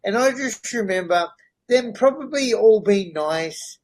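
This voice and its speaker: A man's voice: sits high, expressive, unhurried, low-quality recording. A middle-aged man, a podcast guest, candidly telling his own story in an earnest way and checking in with the listener as he goes. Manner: earnest, checks in with "right?" and "you know?".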